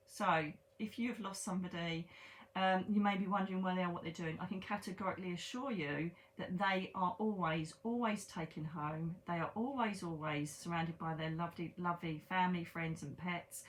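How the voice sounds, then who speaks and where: A woman's voice: lowish voice, steady tone, normal speed, a little hiss or hum. A woman, giving a chatty, reassuring tarot reading and repeating herself for emphasis. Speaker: psychic medium.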